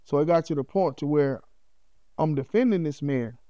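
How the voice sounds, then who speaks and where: A middle-aged man speaks as a podcast guest, his voice pitched a touch high yet warm and dark in tone. He tells his story in an animated, heartfelt way and keeps checking in with "you know what I mean." The sound is dry, with no room around it. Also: moderate pace, no room sound, highs cut off.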